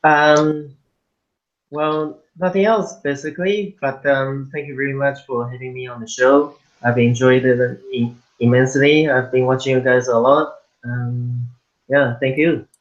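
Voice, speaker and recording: A man's voice: mid-range voice, steady tone, unhurried, lo-fi sound. A man speaking as a guest on an online podcast, polite and a little hesitant. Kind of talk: casual chat.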